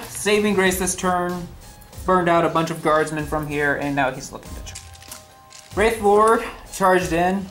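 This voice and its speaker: A man narrating a tabletop wargame battle report, giving a dry, wry play-by-play of each move. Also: a little high. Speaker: wargame player.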